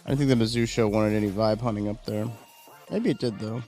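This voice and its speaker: A man's voice: fairly low pitch, fairly even intonation, fast, warm tone, soft background music. A man hosting a live stream, chatting casually and rambling through viewer comments. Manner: rambling, chatty, reacts to chat, yawning. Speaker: livestream host.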